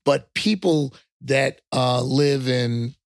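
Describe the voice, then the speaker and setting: An older man with a New York accent, chatting casually on a podcast as the host's father, rambling with halting restarts. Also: mid-range voice, vocal fry, no echo, clean studio sound. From Long Island, New York.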